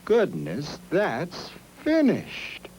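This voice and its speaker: A man voicing a tired, proud old male kangaroo in a storybook reading, complaining slowly and wearily. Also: sits high, wildly swooping pitch, darkish tone, slight background noise, voice pushed up, full character voice. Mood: weary, aggrieved. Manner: slow, weary complaining.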